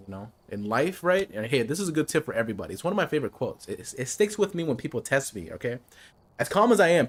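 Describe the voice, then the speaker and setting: A man streaming a game, chatting casually with viewers and giving calm life advice. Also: medium pitch. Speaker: gaming streamer.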